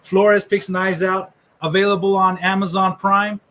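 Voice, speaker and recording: Brief: middle-aged male host, casual trash-talking commentary, a touch high. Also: flat delivery, measured pace, bright, forceful tone, low-quality recording. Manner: joking, rambling trash talk. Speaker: host revealing a fantasy draft order.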